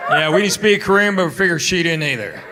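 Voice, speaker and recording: A high-voiced man doing stand-up, spinning a story in a dry, unhurried way and slipping into other people's lines. The live recording carries clear background noise throughout. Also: animated, a loud crowd. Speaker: stand-up comedian. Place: comedy stage before a live audience.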